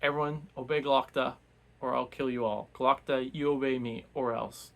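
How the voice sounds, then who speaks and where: A man voicing a smug, all-powerful old male wizard in a book recap, loud and bossy. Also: mid-range voice, steady tone, moderate pace, creaky, close to an everyday voice. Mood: gloating.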